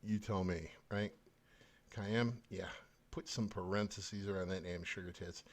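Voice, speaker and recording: A man's voice: low voice, fairly even intonation, unhurried. A man hosting a podcast, ranting angrily about politics with constant swearing and scorn. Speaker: podcast host. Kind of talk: profane political rant.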